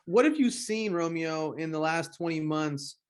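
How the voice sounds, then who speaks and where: A man's voice: fairly high pitch, expressive, unhurried, clear, resonant tone. A man hosting a podcast, chatting casually and bluntly, swearing freely. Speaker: podcast host.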